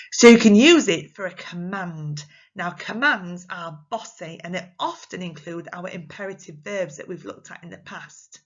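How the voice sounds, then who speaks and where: A woman teaching young children in a recorded lesson, speaking slowly and clearly with an English accent and acting out her examples in an exaggerated, expressive voice. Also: mid-range voice, lo-fi sound. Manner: slow, clear, encouraging talk to small children. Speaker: primary school teacher.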